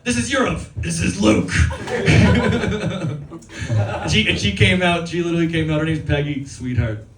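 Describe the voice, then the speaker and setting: A man in his thirties from Newfoundland with a high voice, doing a stand-up set in a fast, rambling, profane way and cracking up at his own lines. He sounds roomy and a bit far from the mic, with loud audience laughter all around him. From Newfoundland, Canada. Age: 30s. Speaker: stand-up comedian. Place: comedy club stage. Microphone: stage microphone. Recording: roomy live club sound from a distance with loud crowd.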